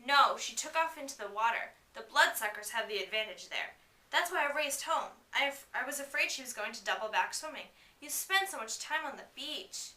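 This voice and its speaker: A woman's voice: high voice, animated, brisk, bright, forceful tone, far from the mic. A woman voicing an anxious, protective teenage boy, urging and pleading, recorded in an echoey room away from the mic. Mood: worried. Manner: urgent, pleading.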